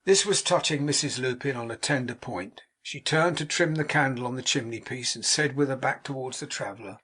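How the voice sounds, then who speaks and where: A man narrating an audiobook of a classic novel in a measured, expressive way. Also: medium pitch, husky. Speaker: audiobook reader.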